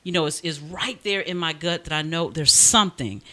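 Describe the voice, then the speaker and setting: A man's voice: on the high side, moderate pace, pushed and bright, dry recording. A man hosting a talk radio show, speaking in an earnest, heartfelt way with frequent restarts.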